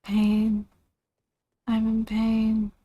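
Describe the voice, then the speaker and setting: A woman's voice: on the high side, completely flat delivery, very slow, dark tone, dry recording. A young woman chatting casually on a game livestream, with a chatty, self-deprecating manner. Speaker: streamer. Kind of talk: casual livestream chat while gaming.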